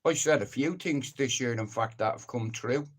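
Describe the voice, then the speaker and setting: A man's voice: medium pitch, normal speed. A middle-aged man hosting a live stream, ranting casually in a blunt, sweary, rambling way. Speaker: livestream host.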